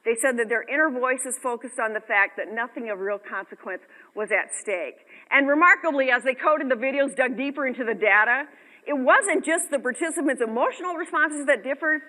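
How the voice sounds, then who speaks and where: A middle-aged woman giving an earnest, expressive motivational talk to a women's group and sharing research findings. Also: high voice, a little fast, long reverb tail, rough recording.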